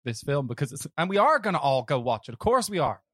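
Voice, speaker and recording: A young Irish man co-hosting a podcast, chatting about films in a rambling, animated way. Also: on the high side, quick pace, no echo, clean studio sound. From Ireland. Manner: rambling, animated, lots of fillers and restarts. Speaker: podcast co-host. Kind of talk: casual film-review chat.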